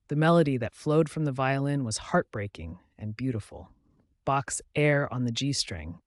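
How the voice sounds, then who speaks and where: A male narrator reading a scripted emotional story. His delivery is measured and dramatic at a middle pitch. The recording is dry and close, with no room sound. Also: dry recording.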